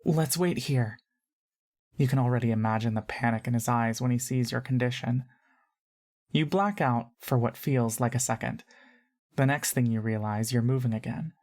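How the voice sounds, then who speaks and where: A woman narrating a fantasy audio story in the second person, calm and measured. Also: a bass voice.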